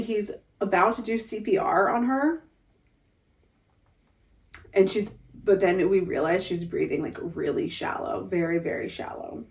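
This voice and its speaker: Young mom telling a story, a bit distant. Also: female voice, medium pitch, animated, normal speed, a little mellow. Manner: emotional, many "like" fillers and restarts. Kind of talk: personal storytelling vlog.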